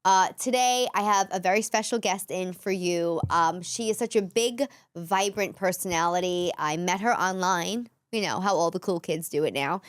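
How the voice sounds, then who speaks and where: A woman with a New York accent hosting a casual chat show, animated and jokey, laughing often, on a close mic. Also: on the low side, moderate pace, hardly any pauses, no echo. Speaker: podcast host.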